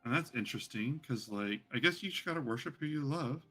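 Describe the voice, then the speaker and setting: A man playing a rambling lovesick young woman guide, full of "like"s, bright voice. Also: mid-range voice, expressive, fairly quick, slightly rough, faint music behind.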